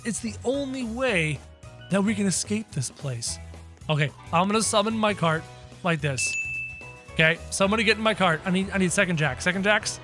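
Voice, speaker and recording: A high, lively male voice giving running commentary on a game, excitable and quick to yelp at the action. His pitch jumps all over as he talks to his viewers. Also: music in the background. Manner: excitable, yelping at the screen. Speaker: gaming channel host.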